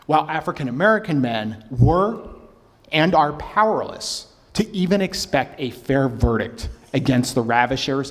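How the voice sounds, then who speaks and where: Man, historian's testimony, measured delivery, quotes read aloud, long hall reverb. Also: medium pitch. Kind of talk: formal public talk with read quotations. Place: public hearing hall.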